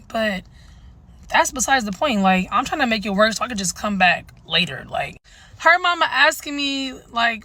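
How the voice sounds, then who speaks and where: Woman telling a salon story, kinda high, bright, dry sound, can't believe it. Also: expressive, moderate pace, no echo. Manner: incredulous, slangy. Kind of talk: casual storytime.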